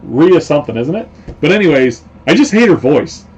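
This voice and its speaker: A man's voice: fairly high pitch, very animated, fairly quick, darkish tone, slightly rough, lo-fi sound. A man hosting a casual live stream, rambling along with lots of fillers and repeated phrases. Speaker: host.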